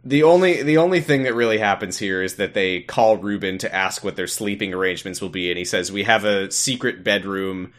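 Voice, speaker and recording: Wry low-voiced man recapping an episode. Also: fairly quick, hardly any pauses. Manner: wry, acts out character quotes with sudden voice jumps. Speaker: podcast co-host. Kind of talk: casual recap chat.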